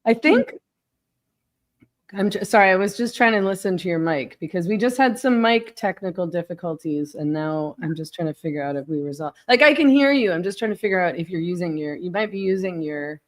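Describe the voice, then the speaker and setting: A woman's voice: fairly low pitch, animated, a little fast. A woman hosting a casual live-streamed talk show, chatty and self-deprecating, rambling with fillers, her mic set a bit far from her face. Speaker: host.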